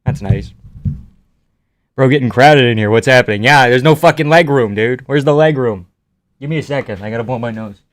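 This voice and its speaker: A Canadian man with a medium-pitched voice streams live at a brisk pace. He reads out viewer comments and answers them offhandedly, swearing casually.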